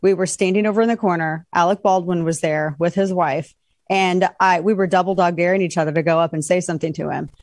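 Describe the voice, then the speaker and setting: A middle-aged woman speaks as a guest on a talk show, telling stories with animated emphasis. Her voice is on the low side, and the sound is dry, with no room behind it. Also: fast, dry recording. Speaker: guest commentator.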